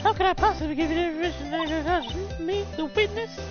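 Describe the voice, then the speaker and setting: A streamer voicing a brusque older female witness who snaps quickly and loudly at a nosy lawyer. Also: extremely high pitch, pitched above the performer's own voice. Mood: indignant. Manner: huffy, fast and loud. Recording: dull lo-fi stream audio. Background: loud game music.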